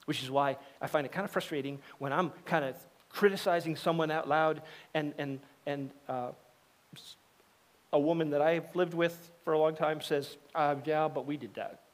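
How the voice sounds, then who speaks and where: A man's voice: fairly high pitch, steady tone, normal speed. A middle-aged man preaching a sermon as a pastor, talking conversationally and acting out the voices of people in his stories. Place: church sanctuary.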